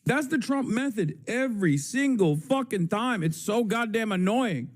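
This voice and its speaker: A man's voice: high-pitched, expressive, unhurried, hardly any pauses. A man streaming live, ranting about politics in a casual, profane, sarcastic way and mocking people in silly voices. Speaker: live streamer reacting to clips.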